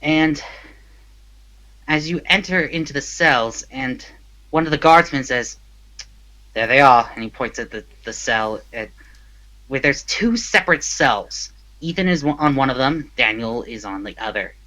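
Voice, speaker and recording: A man narrating a tabletop game as game master in a casual, halting way. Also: medium pitch, expressive, bright, forceful tone, low-quality recording.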